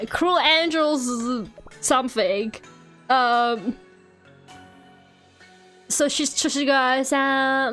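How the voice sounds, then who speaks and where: A woman with a high, bright voice chats as a streamer while playing a game. She tells stories in an animated way and swears often. Faint game music plays underneath. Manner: animated storytelling, swears freely. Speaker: VTuber streamer. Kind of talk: casual chat while gaming.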